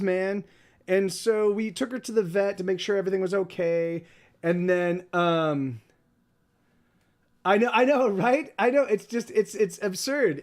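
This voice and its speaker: A man hosting a livestream, chatting casually, rambling with lots of restarts and repeated words. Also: high-pitched. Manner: soft baby talk to his dog. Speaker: livestream host. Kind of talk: casual chat.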